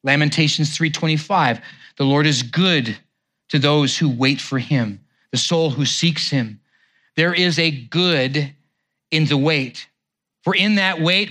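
Pastor guy preaching real slow, kinda high voice, lots of pauses. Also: sharp tone. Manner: slow, measured delivery with deliberate pauses. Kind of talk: sermon.

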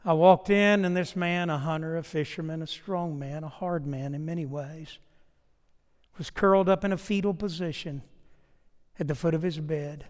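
Male pastor, fairly high voice, earnest preaching style, long reverb of a church hall. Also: steady tone, moderate pace. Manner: earnest, emphatic preaching in short repeated phrases. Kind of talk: sermon with personal storytelling. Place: church sanctuary.

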